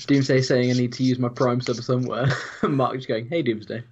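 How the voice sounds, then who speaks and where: A man's voice: medium pitch, sing-song, unhurried, breathy edge. A man co-hosting a livestream, chatting casually and mumbling asides while he reads the chat. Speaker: stream co-host. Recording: dull lo-fi stream mic.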